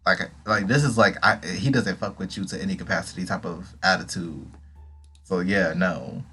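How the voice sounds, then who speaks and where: Husky-voiced man hosting a game. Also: deep voice, normal speed, bright, forceful tone, soft background music. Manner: giggly, reacting and joking. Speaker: gaming channel host. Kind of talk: let's play commentary.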